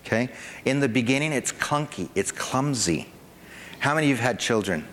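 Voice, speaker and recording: A man preaching a sermon to a congregation, animated, with a rising pitch whenever he acts out an excited parent. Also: fairly quick, slight background noise. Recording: long hall reverb.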